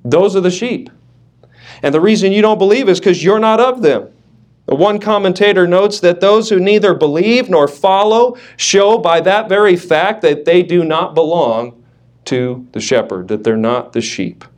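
Pastor, male, slightly high voice, emphatic sermon delivery with joking asides. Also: animated, normal speed. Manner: emphatic, repeats words for stress, light joking asides.

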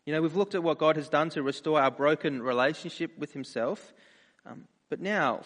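A man preaching a sermon, earnest in his appeals and animated when he tells personal stories. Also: fairly high pitch, moderate pace. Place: church. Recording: reverberant church hall.

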